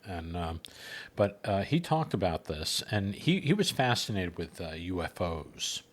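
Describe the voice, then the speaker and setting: A man's voice: deep voice, big pitch swings. A man co-hosting a paranormal chat show, talking casually with lots of hesitant fillers. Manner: hesitant, halting with many fillers. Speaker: podcast co-host.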